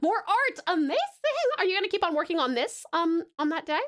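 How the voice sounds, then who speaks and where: A woman from Tasmania chatting on a live stream, greeting viewers warmly and gushing over their art in a flustered, affectionate way. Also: very high-pitched, lively intonation, fairly quick. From Tasmania, Australia. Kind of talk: casual live-stream chat.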